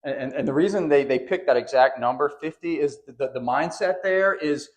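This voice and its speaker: A man's voice: a little high, fairly quick. A male pastor preaching a sermon in a church, with a conversational but emphatic delivery that leans on repeated phrases. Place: church sanctuary.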